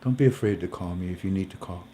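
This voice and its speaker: A man's voice: sits low, quick pace, dark tone, slight background noise. Folksy man hosting a faith-based stream. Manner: folksy, rambling, addresses viewers as family. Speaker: host. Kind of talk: casual faith-based livestream talk.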